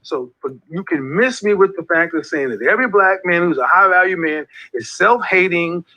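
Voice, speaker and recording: A man whose voice sits high sounds animated, bright and forceful, moving at a moderate pace. He's an online group leader giving an impassioned, preachy monologue, repeating points for emphasis, captured in dull lo-fi audio.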